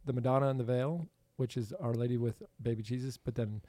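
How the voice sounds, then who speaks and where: Animated guy hosting a casual podcast chat, laughs a lot, dry room. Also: medium pitch, fairly quick, no echo. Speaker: podcast host.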